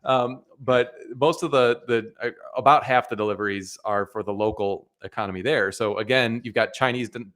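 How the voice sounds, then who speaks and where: A man's voice: medium pitch, normal speed, few pauses, a bit bright. A man co-hosting an investing live stream in casual chat, talking in a hesitant way with many restarts and fillers.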